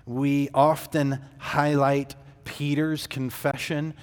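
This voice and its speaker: A man preaching a sermon as pastor, measured and deliberate, with fillers and restarts. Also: mid-range voice, level tone. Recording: long hall reverb.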